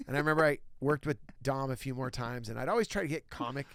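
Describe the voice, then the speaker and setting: Gravelly middle-aged comedian telling stories. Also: male voice, mid-range voice, quick pace, no room sound. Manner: lively anecdotes, acts out other people's lines. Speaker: stand-up comedian, interview guest. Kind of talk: casual interview storytelling.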